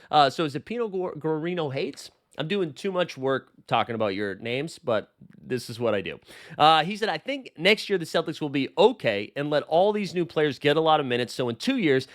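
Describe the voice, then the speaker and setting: Male solo sports host, casual and joking, animated, up-and-down delivery. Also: a little high. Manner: chatty, self-mocking, jokey. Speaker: host of a basketball news channel.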